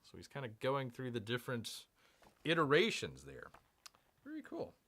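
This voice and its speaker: Lively, bright-voiced man hosting a stream. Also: mid-range voice, moderate pace. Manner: rambling, self-mocking, calls himself Bear. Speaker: live stream host unboxing comics. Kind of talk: casual live-stream chat.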